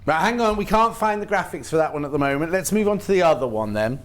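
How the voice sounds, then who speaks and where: A man's voice: a little high, expressive, a bit bright. A British man presenting on a live shopping channel, chatting eagerly and listing products. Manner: chatty, quick asides, lists products eagerly. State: has hiccups. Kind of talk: live TV sales chat.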